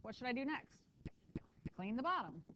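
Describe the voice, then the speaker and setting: A woman teaching a math class in a lively, conversational way, tossing quick asides to her students. Her voice sits somewhat high. The classroom recording is dull and lo-fi, with a faint hiss underneath. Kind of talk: classroom lecture.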